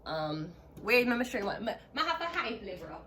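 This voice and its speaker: A woman with a Jamaican accent giving a chatty tarot card reading, excitable and repeating herself. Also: medium pitch, a little fast, a little hiss or hum. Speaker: tarot reader. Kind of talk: casual tarot reading to camera.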